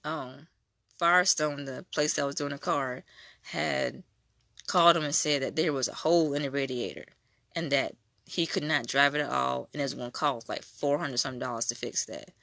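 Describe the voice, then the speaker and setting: A young adult woman tells her faith testimony in a casual, animated way, slipping into other people's voices as she goes. Her voice is bright and edged with vocal fry. The recording is dry and close, with little room sound. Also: extremely low pitch, moderate pace, no room sound. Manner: animated storytelling, acting out quoted voices.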